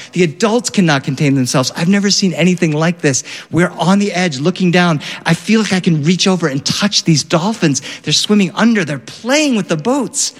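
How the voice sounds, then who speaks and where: A man with a fairly high voice recounts a family story, his narration animated and vivid as one event tumbles into the next. His voice carries a long hall reverb. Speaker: father telling a family story. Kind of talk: personal storytelling before an audience.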